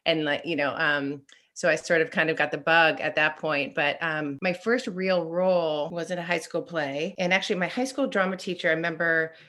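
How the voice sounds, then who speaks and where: A middle-aged woman with a voice on the low side tells stories from her acting life in relaxed, casual talk. She laughs easily and pokes fun at herself, jumping into brighter voices when she quotes what she once thought. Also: normal speed. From Southern California. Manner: chatty and self-deprecating, laughs often, quotes herself in lively voices. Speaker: actor, podcast guest. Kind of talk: casual interview chat.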